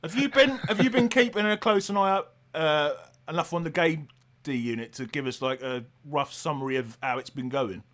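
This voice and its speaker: A man with a slightly high voice hosts a relaxed football watchalong. He is easygoing, laughs often and keeps the questions coming. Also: normal speed. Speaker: podcast host. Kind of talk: casual watchalong chat.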